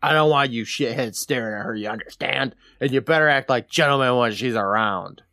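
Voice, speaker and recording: A man's voice: medium pitch, brisk, pushed and bright, no room sound, clean studio sound. A man doing a jealous, hot-tempered logging boss. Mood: stern.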